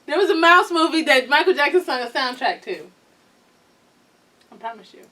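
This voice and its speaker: Woman co-host, high and bright, giggly and insistent, set back from the mic. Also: lively intonation, normal speed, recorded from a distance. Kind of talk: casual chat.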